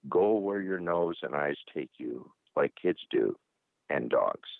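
An older man from Michigan with an extremely low, rumbling voice reads his own poem slowly and deliberately. He comes through a thin, tinny phone line with a dry, close sound. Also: animated, gravelly, no room sound. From Michigan, USA. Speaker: caller reading his poem. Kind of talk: poetry reading.

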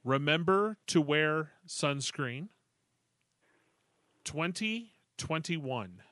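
A polite man answers briefly in a casual chat, with a bright, slightly raised voice. The sound is dry and close. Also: fairly high pitch, expressive, drawn-out words, no room sound. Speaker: regular contributor, haiku writer.

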